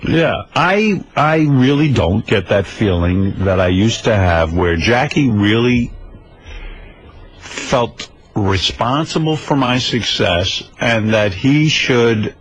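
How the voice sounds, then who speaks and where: A man's voice: lowish voice, takes it slowly, slight background noise, rough recording. A man hosting a radio talk show, chatting casually with his co-hosts and taking calls in the studio. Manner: animated, chatty, takes callers. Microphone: studio microphone.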